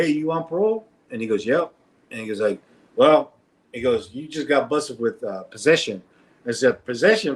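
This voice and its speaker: A man telling a street story in casual conversation, often laughing and acting out the voices of others. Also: medium pitch. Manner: animated, laughing, acts out voices in anecdotes. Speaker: guest storyteller.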